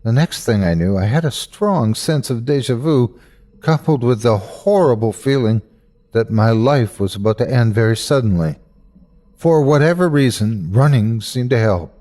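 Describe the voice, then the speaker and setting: A man's voice: medium pitch, expressive, normal speed, warm tone. A man narrating a scripted horror story in first person, tense and breathless in the scary parts.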